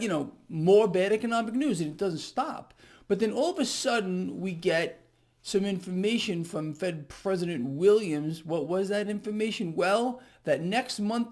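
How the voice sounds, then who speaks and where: A man with a noticeably high-pitched voice runs through the day's market news in a loose, conversational way. He leans hard on key points and slips in sarcastic asides. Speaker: market commentary host. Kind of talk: casual market commentary video blog.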